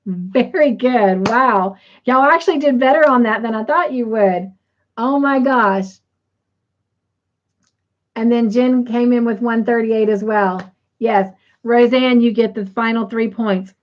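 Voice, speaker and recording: A woman's voice: on the high side, slow. A woman hosting a casual livestream, chatty, reading viewer comments aloud and tallying quiz scores. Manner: chatty, says "y'all", reads comments aloud. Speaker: livestream host. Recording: slightly dull lo-fi stream audio.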